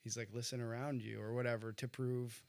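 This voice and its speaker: A man's voice: mid-range voice, level tone, gravelly, no echo, clean studio sound. A man co-hosting a podcast, chatting casually about films in a laid-back way with short agreeing replies. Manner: laid-back, gives short backchannel replies, tells stories slowly. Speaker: podcast co-host. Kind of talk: casual film discussion.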